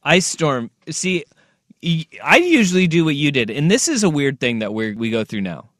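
A male radio host with a fairly high, lively voice that swings up and down, rambling playfully through stories in easygoing banter. The studio sound is dry and close-miked. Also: moderate pace, dry recording. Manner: animated, playful, rambling storytelling. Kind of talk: casual radio chat.

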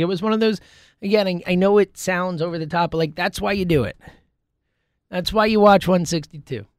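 Rambling, excitable sports podcast man. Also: high-pitched, clean tone, no room sound, clean studio sound. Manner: excitable, rambling, with many fillers and restarts. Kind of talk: casual sports talk monologue.

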